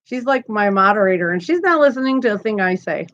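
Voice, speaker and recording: A woman's voice: medium pitch, lively intonation, fast, fairly bright tone, dull audio. A woman in her thirties hosting a live crochet stream from home, chatty and giggly as she reads viewer comments aloud. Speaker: crochet channel host. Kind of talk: casual live-stream chat.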